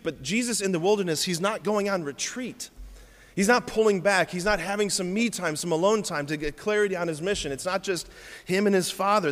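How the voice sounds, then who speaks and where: A man preaching a sermon, telling stories with lively, playful asides to the congregation. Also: sits high, big-room sound.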